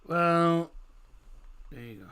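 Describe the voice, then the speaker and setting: Lively-voiced man streaming football. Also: fairly high pitch, extremely slow, clear, resonant tone. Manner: rambling, filler-heavy, reads chat messages aloud. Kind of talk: casual live-stream chat.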